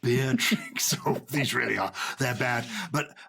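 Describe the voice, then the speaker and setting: Man, podcast co-host, joking, casual chat, slightly husky voice. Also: medium pitch, measured pace. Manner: playful, tells jokes, animated.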